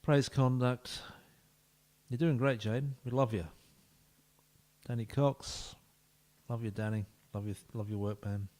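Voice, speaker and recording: A man's voice: mid-range voice, fairly even intonation, unhurried, long pauses, darkish tone. A man, streaming a football management game and talking playfully to each player, often dropping to a whisper. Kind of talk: live-streamed game commentary.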